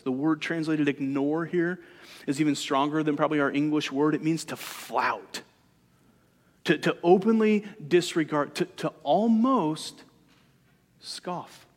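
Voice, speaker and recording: A man preaching a sermon, with a voice that sits a little high for a man. He keeps it conversational and leans on rhetorical questions. The sound carries a long hall reverb. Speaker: pastor.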